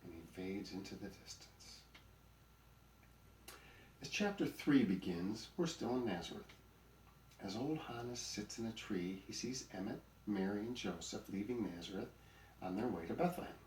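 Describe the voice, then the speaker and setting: A man with a low voice reads a children's storybook aloud in an even, plain-spoken way. The recording is roomy and set back from the mic. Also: moderate pace, distant mic, a little hiss or hum. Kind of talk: scripted storybook narration.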